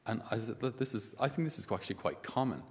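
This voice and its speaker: A man's voice: mid-range voice, a little fast, darkish tone, in a large hall. A man, a priest giving a conversational sermon full of asides and rhetorical questions.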